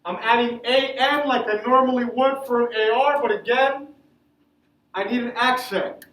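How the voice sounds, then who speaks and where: A man's voice: very high voice, steady tone, moderate pace, a bit bright. A man teaching Spanish grammar to a class, asking the students questions and answering them himself. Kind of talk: classroom lesson. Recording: echoey classroom from far off.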